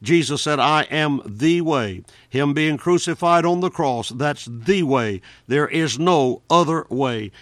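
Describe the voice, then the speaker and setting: A man's voice: a little high, a little slow, few pauses, dry recording, studio quality. A man preaching a Bible exposition sermon, speaking earnestly and straight to his listeners, reading King James verses between his own comments.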